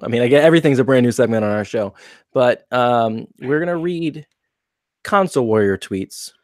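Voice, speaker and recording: Teasing, amused podcast host. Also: male voice, mid-range voice, animated, normal speed, darkish tone, no room sound, clean studio sound. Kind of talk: casual comedic chat.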